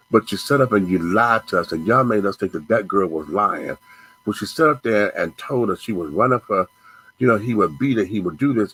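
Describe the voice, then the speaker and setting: On a low-quality recording, a man hosting a show rants furiously, swearing and going over the same points again and again. His voice sits on the lower side, a bit bright and slightly rough.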